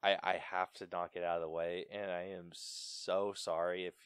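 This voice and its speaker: Young lower-voiced guy, chatty film podcaster, trips over words, laughs a lot, dry mic. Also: normal speed, smooth, no room sound. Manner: animated, stumbles and laughs often. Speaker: podcast co-host. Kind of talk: casual film review chat.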